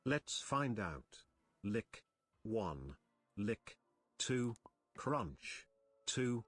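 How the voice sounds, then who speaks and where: A man voicing a vintage TV commercial in a slow, deliberate, counting manner. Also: fairly low pitch, very animated, slightly rough, no echo, full character voice.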